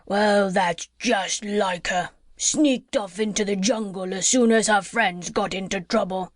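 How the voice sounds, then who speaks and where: Woman doing a storybook crocodile, grumbling, sneering, slow, dry recording. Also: medium pitch, fairly even intonation, no room sound, close to an everyday voice. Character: grumbling spiteful old crocodile. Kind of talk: storybook narration.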